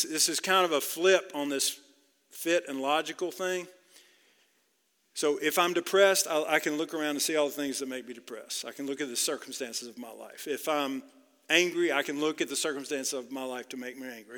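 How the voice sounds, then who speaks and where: A man's voice: on the high side, pushed and bright, big-room sound. A male pastor preaching a sermon in an earnest way, with many restarts and repeated words.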